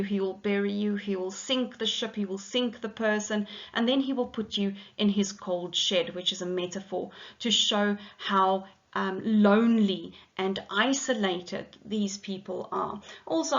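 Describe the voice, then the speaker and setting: A woman's voice: mid-range voice, muffled recording. A middle-aged woman teacher, explaining a poem line by line in a methodical way with frequent ums. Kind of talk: poetry lesson.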